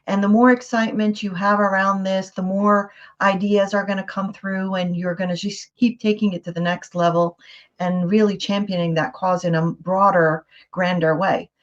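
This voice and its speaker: A woman's voice: medium pitch, little pitch movement, moderate pace. Enthusiastic woman host, dull lo-fi sound. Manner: encouraging, enthusiastic reactions. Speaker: host and moderator. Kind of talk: moderating a panel discussion. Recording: dull lo-fi audio.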